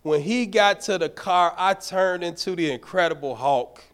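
A man serving as a deacon, preaching a sermon in a church. He tells a folksy personal story in an animated way and speaks straight to the congregation. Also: high-pitched, normal speed. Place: church sanctuary.

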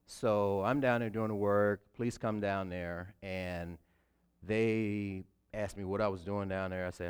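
Deep-voiced man telling a church testimony. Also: fairly even intonation, measured pace, smooth. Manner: conversational storytelling with fillers. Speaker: deacon.

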